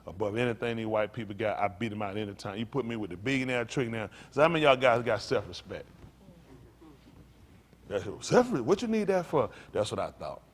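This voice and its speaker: Using folksy vernacular, this man teaches from the pulpit at a slightly fast clip, calling out to the congregation as he goes. His animated sermon swings between loud, high-pitched emphasis and low, hushed lines.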